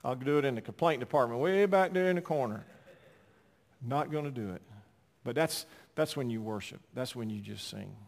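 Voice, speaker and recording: A man preaching a sermon, swinging from loud emphatic lines to soft, quiet storytelling. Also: medium pitch, normal speed, creaky, long reverb tail. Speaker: pastor.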